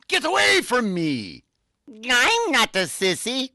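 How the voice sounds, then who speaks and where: A man doing a gravelly grumpy pirate. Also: very high voice, huge pitch swings, slow pace, pushed and bright, no room sound. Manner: growly pirate talk, grumpy. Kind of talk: improvised pirate comedy skit.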